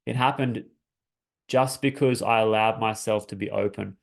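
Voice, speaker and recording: Earnest man with a gravelly low voice. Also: fairly even intonation, normal speed. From Australia. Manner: earnest, searching, repeats and restarts phrases. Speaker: coach. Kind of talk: reflective personal talk.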